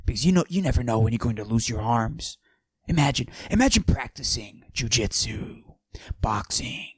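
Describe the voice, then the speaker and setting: A man playing a boastful macho character, pushing his voice low and husky and often dropping to a whisper while he brags deadpan. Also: dry recording. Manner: boastful, deadpan absurd bragging. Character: cocky macho man with a forced deep voice. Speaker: podcast host. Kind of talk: comic character monologue.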